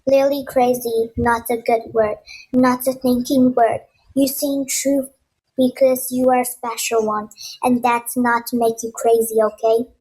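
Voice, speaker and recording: A woman's voice: fairly high pitch, flat delivery, measured pace, darkish tone, husky, rough recording. A woman voicing an elderly, mystical and protective grandmother who speaks earnest, broken English.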